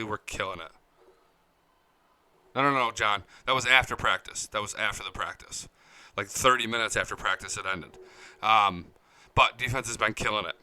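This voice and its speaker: Bright, profane sports-talk man. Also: medium pitch, clean tone, dry recording. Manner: blunt, profane storytelling. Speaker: sports show host. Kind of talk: casual sports talk to viewers. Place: studio.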